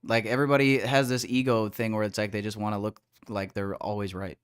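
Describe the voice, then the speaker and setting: A man's voice: lowish voice, level tone, brisk, smooth. A young man hosting a trading livestream, ranting casually and profanely at his chat with big swings in energy.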